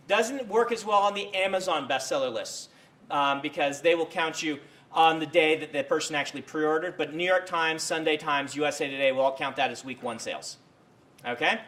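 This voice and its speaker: Male lecturer, casual classroom talk, slightly raised pitch, filler-heavy rambling delivery. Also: a bit bright. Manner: rambling, many fillers and self-corrections. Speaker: university creative writing lecturer. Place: university lecture room.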